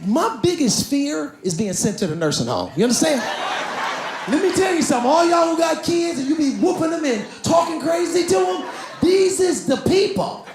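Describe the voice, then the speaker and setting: A man performing stand-up comedy on stage, telling family stories and acting out each person in quick dialogue. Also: extremely high pitch, music in the background, a crowd in the background. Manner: animated, acts out family members in quick dialogue. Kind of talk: stand-up storytelling. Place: comedy stage before a live audience. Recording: echoey room with audience laughter and noise.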